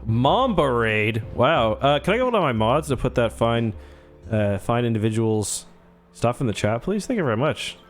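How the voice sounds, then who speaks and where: A man's voice: medium pitch, very animated, moderate pace. Young male streamer, rambling casual chat over faint music. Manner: chatty, rambling, thanks viewers. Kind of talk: casual gameplay livestream.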